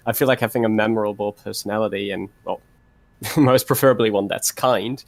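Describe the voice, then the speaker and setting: A man in a casual group chat, easygoing and quick to laugh. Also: on the low side, creaky, dry recording.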